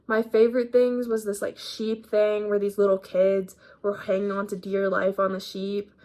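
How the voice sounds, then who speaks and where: Her voice is medium in pitch, mellow and level, moving at a moderate pace. The speaker is an eighteen-year-old vlogger casually rambling through her day in slang while mildly sick and coughing up phlegm.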